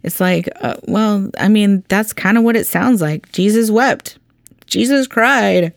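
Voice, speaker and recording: A woman's voice: mid-range voice, unhurried, gravelly, dry recording, clean studio sound. A woman hosting a Bible teaching podcast, talking in a chatty, earnest way with lots of ums and restarts.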